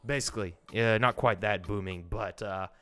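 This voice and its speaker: Young male vlogger, casual storyteller, slightly high voice, faint music bed. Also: moderate pace. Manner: animated, acts out quoted voices with big pitch jumps.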